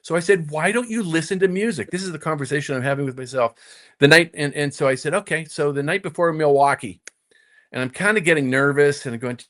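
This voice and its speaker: An older man spins a long story from his playing days, his pitch jumping up and down as he acts out what he told himself. He stumbles into restarts, repeating "and, and" before surging forward again. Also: fast, fairly bright tone. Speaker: guest, former tour golfer. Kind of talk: storytelling in casual conversation.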